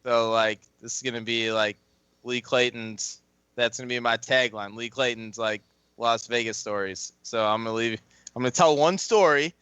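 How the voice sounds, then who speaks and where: A man talks casually as a podcast guest and keeps restarting his sentences as he works up to a story. His voice is bright and smooth. The audio is dull and lo-fi. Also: mid-range voice, normal speed, dry recording. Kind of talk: casual chat.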